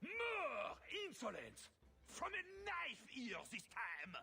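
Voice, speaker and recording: A spoiled video game noble with a French-sounding accent, pitched high and swooping wildly as he whines. His voice is gravelly and rough yet piercingly bright, and he drags his words out slowly. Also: wildly swooping pitch, faint music behind, full character voice. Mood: outraged. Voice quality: gravelly, whiny, drawn-out. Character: petulant foppish male noble, childish and arrogant.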